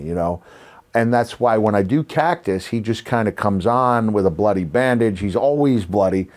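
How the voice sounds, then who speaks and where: A man in his fifties with a slight New York accent, a podcast host and former wrestler, tells stories in a reflective, rambling way full of fillers. His voice is fairly low, expressive, a little mellow and a bit quick. It's casual storytelling chat.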